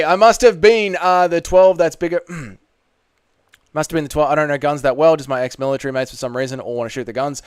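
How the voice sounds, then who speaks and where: Broadcasting live from a home room with the balcony window open, an Australian man with a fairly high voice reads out viewer comments and responds with casual, bantering chat. The recording has no room sound.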